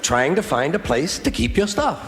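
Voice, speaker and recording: Wry comic guy, bouncy pitch, echoey hall with hiss in the recording. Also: big pitch swings, normal speed, fairly bright tone, some chatter behind. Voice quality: wry, rhythmic delivery with repeated lines. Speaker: stand-up comedian. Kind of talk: stand-up comedy routine.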